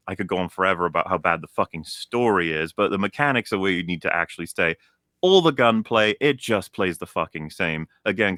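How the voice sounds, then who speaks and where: A man's voice: deep voice, bright, forceful tone, dry recording, studio quality. A young man ranting in a casual show chat, heated and profane, often restarting his sentences. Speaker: co-host.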